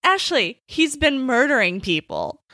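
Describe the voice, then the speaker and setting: A woman's voice: sits high, big pitch swings, a little slow, sharp tone, no room sound, clean studio sound. A woman co-hosting a podcast in casual chat, swearing freely and leaning on "like" as a filler. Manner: casual and profane, full of "like" fillers. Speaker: podcast co-host.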